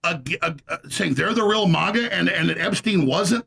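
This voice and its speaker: A man's voice: high-pitched, expressive, moderate pace, creaky, bright, forceful tone, husky. A man speaking with heated outrage in a political talk show discussion.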